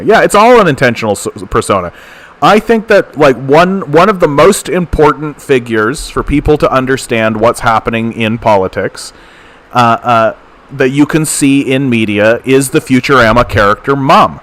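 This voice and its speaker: A man from Canada hosting a livestream political commentary show, ranting fast with repeated phrases and stammered restarts. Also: medium pitch, animated, a bit bright. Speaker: host.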